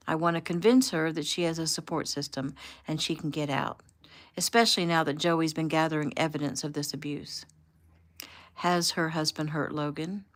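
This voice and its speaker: A woman's voice: sits low, fairly bright tone. A woman, the author, casually reading aloud a chapter of her own novel, giving the dialogue small shifts of voice. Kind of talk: casual audiobook narration with dialogue. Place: home room.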